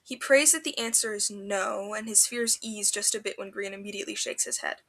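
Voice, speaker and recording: A woman reading fanfiction aloud for a podcast, in an expressive storybook narration. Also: mid-range voice, normal speed, few pauses.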